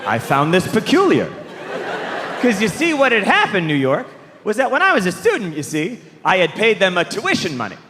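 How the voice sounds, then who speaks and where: A man doing an animated stand-up set in an exasperated tone, with sing-song voices for the people he quotes, recorded live in a large theater. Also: sits high, moderate pace, noisy background. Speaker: stand-up comedian. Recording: live show with hall reverb.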